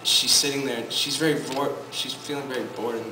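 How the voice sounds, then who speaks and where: A man quietly telling a story to introduce a song at a live coffee house performance, strumming as he talks. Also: medium pitch, fairly even intonation, noisy background. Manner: quiet, unhurried storytelling over guitar. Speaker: singer-songwriter performing live. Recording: roomy, distant live recording with loud guitar. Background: loud live acoustic guitar.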